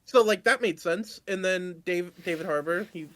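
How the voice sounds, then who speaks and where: A man guesting on a podcast, talking in a relaxed, chatty way with some hesitation. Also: high voice, normal speed. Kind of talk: casual chat.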